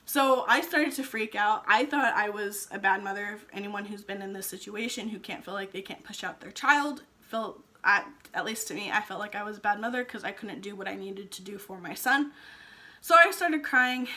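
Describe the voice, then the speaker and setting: A woman's voice: medium pitch, moderate pace, pushed and bright. A young woman vlogging, chatty and emotional as she retells her labor and delivery, with frequent ums. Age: young adult. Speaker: vlogger, new mother. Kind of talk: casual storytelling vlog.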